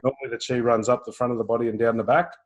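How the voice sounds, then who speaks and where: A man giving a live intuitive healing reading, animated and acting out quoted speech. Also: mid-range voice, very fast. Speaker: intuitive healer.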